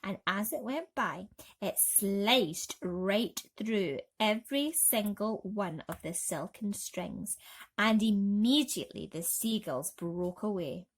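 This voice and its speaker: A woman reading a bedtime story aloud, gentle and soothing. She takes her time, with a slow and unhurried pace. Her pitch sits in a middle range. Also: animated.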